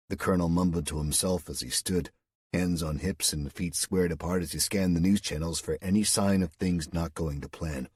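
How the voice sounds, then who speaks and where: A man narrating an audiobook in a steady, measured storytelling voice. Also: low-pitched, husky, dry recording, clean studio sound. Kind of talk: scripted narration.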